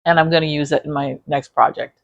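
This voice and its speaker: A woman's voice: low voice, fairly even intonation, a little fast, gravelly, lo-fi sound. A woman vlogging about quilting in a casual, rambling way, with many fillers and self-corrections. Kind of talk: casual chat reviewing videos.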